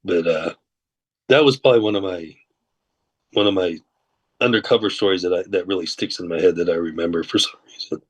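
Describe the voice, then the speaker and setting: A man's voice: low-pitched, brisk, long pauses, slightly rough. A man, a former corrections and undercover officer, telling a long story in a podcast interview and acting out the dialogue. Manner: relaxed anecdotal telling, acts out quoted dialogue.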